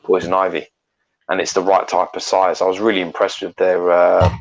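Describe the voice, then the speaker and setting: Deep gravelly guy, blunt and sweary, kinda muffled sound. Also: monotone, moderate pace. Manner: blunt and sweary, talks at length about statues. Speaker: co-host. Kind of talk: casual chat.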